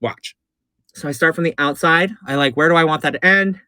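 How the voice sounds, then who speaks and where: A man's voice: on the high side, a little fast, pushed and bright, no echo, studio quality. A man who performs in drag, giving a campy, chatty makeup tutorial on a livestream and calling his viewers honey and baby. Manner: gushing and repetitive.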